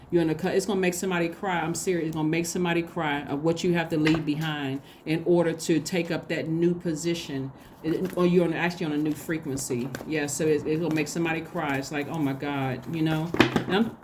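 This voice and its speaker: A woman with a fairly low voice talks through a tarot reading in a relaxed, chatty way. She gets excitable and speaks straight to her viewers. A faint hiss of noise sits behind her. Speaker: tarot reader. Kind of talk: casual spoken tarot reading.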